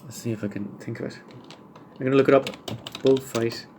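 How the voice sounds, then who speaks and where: A man's voice: mid-range voice, fairly even intonation, brisk, background noise. A man hosting a solo podcast, answering listener questions one by one with dry, wry humour and rambling asides. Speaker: podcast host.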